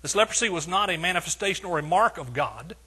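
Husky preacher man, emphatic and bright. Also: high voice, lively intonation, fast. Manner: preaching with emphatic repetition and rising swells. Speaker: pastor. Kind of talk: sermon.

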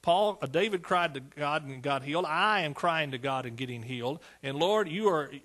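A man's voice: a little high, lively intonation, normal speed, few pauses, a bit bright. A man preaching a fervent sermon, calling out to his congregation.

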